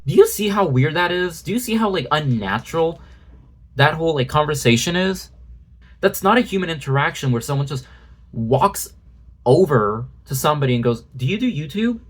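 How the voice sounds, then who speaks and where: A man's voice: a little high, animated, moderate pace. A man doing a ranting commentary video, sarcastic and exasperated, with frequent swearing. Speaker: commentary YouTuber.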